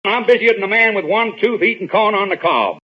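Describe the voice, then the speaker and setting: A bombastic old Southern senator. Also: male voice, expressive, a little fast, dull audio. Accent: old Southern US, non-rhotic. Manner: booming, drops R sounds.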